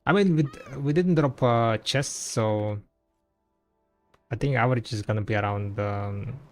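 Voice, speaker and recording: A man's voice: medium pitch, a little slow, a little mellow, soft background music. A man chatting casually on a gaming stream in a rambling, laid-back way, full of fillers and restarts. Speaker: game streamer.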